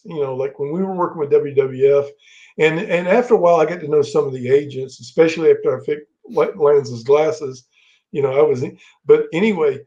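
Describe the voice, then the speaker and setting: A man's voice: fairly high pitch, dark tone. A middle-aged man, a guest on the show, telling anecdotes in a loose, rambling way full of restarts. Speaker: guest, former wrestler. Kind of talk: casual storytelling. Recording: dull lo-fi sound.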